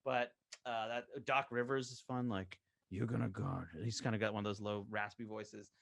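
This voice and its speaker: A man chatting as a podcast guest about his animated show, rambling with lots of fillers and restarts. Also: fairly low pitch, normal speed, smooth. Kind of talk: casual podcast chat.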